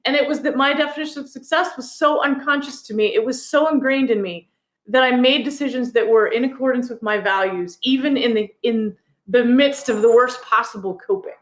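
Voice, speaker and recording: A high-pitched woman recounts a personal story as an interview guest, laughing now and then. Her voice rings a little in an echoey room. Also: brisk. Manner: animated, laughs while telling a story. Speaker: guest author. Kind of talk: conversational storytelling.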